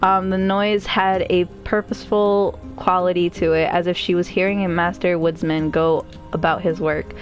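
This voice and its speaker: A woman's voice: fairly low pitch, level tone, moderate pace, few pauses, faint music behind. Emotional woman streamer reading a game story. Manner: emotional, chatty asides between narration.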